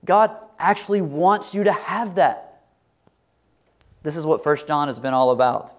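A man's voice: on the high side, expressive, a little slow. A middle-aged man preaching a sermon as pastor, earnest and conversational, often asking his listeners questions. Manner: earnest, conversational, asks the congregation many questions.

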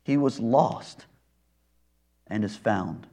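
A man reading the lines of a gentle, pleading father softly and slowly. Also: fairly low pitch, voice pushed down. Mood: tender. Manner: soft, slow, tender.

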